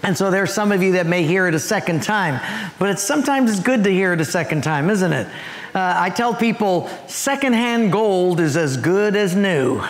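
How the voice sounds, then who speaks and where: A long reverb tail follows this male pastor's high voice as he preaches at a moderate pace in the church sanctuary. His sermon features funny stories told with animation, complete with acted-out voices.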